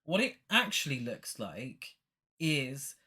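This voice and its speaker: A podcast co-host in casual chat, talking haltingly with many restarts and making dry, deadpan remarks about a film. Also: medium pitch, slightly rough.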